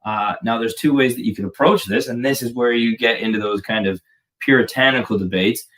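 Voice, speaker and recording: A man's voice: medium pitch, fairly quick, fairly bright tone. A man teaching drums in a casual video lesson, jokey and rambling, poking fun at himself. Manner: jokey, rambling, self-deprecating. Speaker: drum teacher. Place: home drum room. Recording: distant mic with clear background noise.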